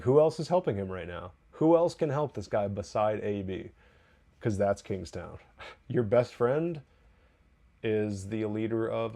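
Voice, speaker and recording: Excited man rambling through a TV review. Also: medium pitch, gravelly. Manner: excited, rambling, with frequent restarts. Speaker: TV podcast host reviewing an episode. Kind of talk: casual spoken review.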